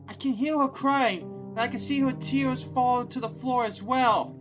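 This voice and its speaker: A woman playing a visual novel, reading the text aloud and reacting with loud exclamations. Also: normal speed, hardly any pauses. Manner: excitable, exclaims loudly, drops to a low voice for narration. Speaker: let's play gamer. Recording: dull lo-fi audio over game music.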